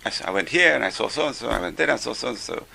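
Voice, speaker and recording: Gravelly, lively older man teaching a class. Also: mid-range voice, fast talker. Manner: chatty, joking storyteller. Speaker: religious teacher. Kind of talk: informal religious class.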